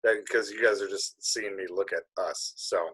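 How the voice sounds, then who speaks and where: Male podcast host, rambling jokey chat, husky and pressed. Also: sits low, steady tone, moderate pace, a bit bright. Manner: rambling, self-correcting, jokey. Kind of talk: casual chat.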